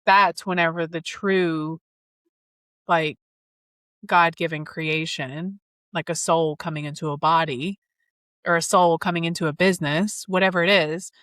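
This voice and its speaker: This thirties-aged astrologer and podcast host gives a reading in a relaxed spiritual chat, her speech flowing and enthusiastic, full of spiritual language. She has a low, fairly bright voice with a steady tone, speaks a little slowly, and the recording carries no room sound.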